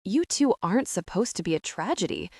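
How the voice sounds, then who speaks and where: A woman's voice: mid-range voice, sing-song, a little fast, a little mellow, slightly rough, dry recording, studio quality. A woman voicing a blunt, direct older woman friend in an audiobook. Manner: direct, brusque.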